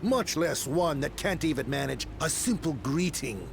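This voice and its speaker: Snooty old craftsman in a game, stubborn, a bit high. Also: lively intonation, moderate pace, creaky, slight background noise. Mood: haughty. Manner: haughty, disdainful. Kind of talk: video game cutscene voice acting.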